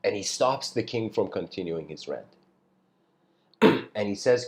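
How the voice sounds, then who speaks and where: Man, low voice, casual spiritual storytelling, rambling, throat-clearing. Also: animated, measured pace. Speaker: spiritual lecturer.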